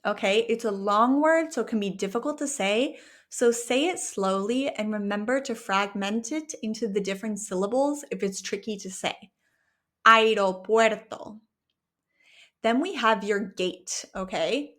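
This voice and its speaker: A woman teaching a language lesson, encouraging her listeners and slowing down to pronounce each word clearly, checking in with "okay?" as she goes. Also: medium pitch. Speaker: Spanish teacher.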